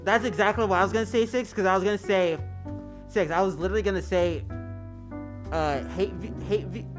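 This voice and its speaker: A man's voice: sits high, brisk. Rambling, swearing male streamer. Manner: rambling, profane, stumbles over words. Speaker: livestreamer. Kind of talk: casual chat with stream viewers. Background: background music.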